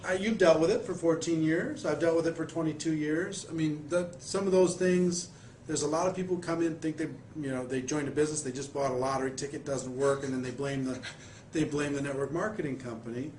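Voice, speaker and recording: A fairly high-voiced man hosts the interview in a coaching manner, building long questions for his guest. The room adds a noticeable echo, and faint background noise sits under his voice. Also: steady tone, fairly quick, a little mellow. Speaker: interviewer, network marketer. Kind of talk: conversational interview.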